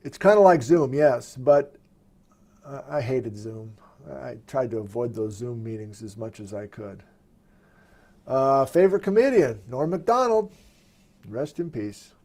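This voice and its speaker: A man hosting a live question-and-answer stream from his desktop computer, chatting casually and thinking aloud as he works the software. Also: mid-range voice, expressive, measured pace.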